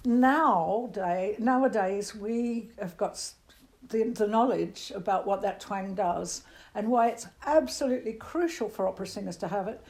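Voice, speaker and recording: An older Australian woman talks through her years of singing and teaching. She speaks with lively energy and now and then jumps her pitch high to show a sound. Her pitch sits mid-range for a woman. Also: moderate pace. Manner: animated, demonstrates voices with big pitch jumps. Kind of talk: interview answers.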